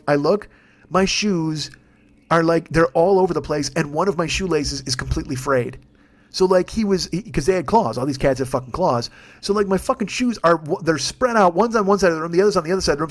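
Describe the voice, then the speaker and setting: A man telling a long comic story in a profane, rambling, animated way, as a podcast host. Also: high-pitched. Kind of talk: comedic storytelling monologue.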